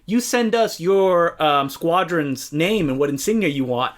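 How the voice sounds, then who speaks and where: A man co-hosting a film podcast in relaxed, casual chat, with a bright, forceful voice that sits a little high for a man. He laughs often as he talks. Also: measured pace. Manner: laughs often while talking. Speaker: podcast co-host.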